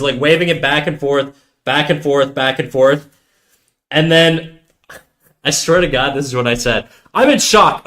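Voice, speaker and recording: A man live streaming, telling a story to his chat in a casual, animated and profane way. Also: a little high.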